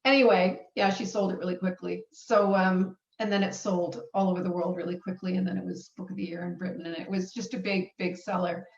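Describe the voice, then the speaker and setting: A woman's voice: fairly low pitch, fairly even intonation, fairly quick, vocal fry, hardly any pauses. A middle-aged woman author telling her story casually, rambling and self-deprecating with many restarts. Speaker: author guest. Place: live event hall. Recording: dull roomy sound from far off.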